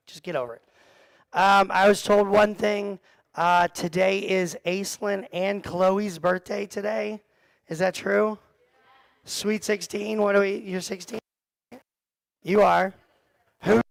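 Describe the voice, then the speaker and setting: High-voiced joking man in a youth room. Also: gravelly, clear, resonant tone, dry recording, poor audio. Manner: joking, self-deprecating, talks to the kids in the room. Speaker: youth pastor. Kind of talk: casual youth group talk. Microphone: handheld or headset mic.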